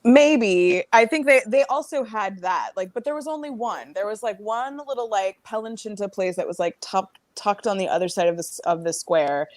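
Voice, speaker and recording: A woman's voice: mid-range voice, moderate pace, hardly any pauses, dry recording. A woman chatting as a guest, rambling with lots of fillers and restarts. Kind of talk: casual chat.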